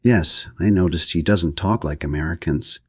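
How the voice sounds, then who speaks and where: A florid, self-important major rattles on about selling to Americans, read by a man in a very deep voice. He sounds husky and close, with no room around him. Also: moderate pace, no echo. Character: blustering British major, florid middle-aged man. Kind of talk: audiobook reading.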